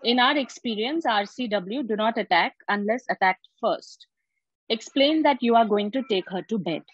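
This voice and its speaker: A woman in a writing workshop reading her own piece aloud in a steady, even way over a video call. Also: a little high, normal speed, slightly rough, dry recording. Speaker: workshop participant. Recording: dry, dull video call audio.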